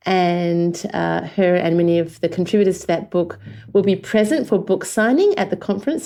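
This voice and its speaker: A woman's voice: on the low side, mellow. A woman with an Australian accent, a podcast host giving an effusive, enthusiastic outro with occasional fillers. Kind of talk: scripted-sounding solo outro.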